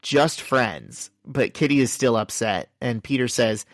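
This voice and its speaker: A man co-hosting a chatty podcast, running through the story and tossing off the characters' lines. His voice sits at an ordinary middle pitch. The recording is dry and close, with no room sound. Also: no room sound. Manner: reads out comic dialogue in quick summaries. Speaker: podcast co-host. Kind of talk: casual podcast chat recapping a comic.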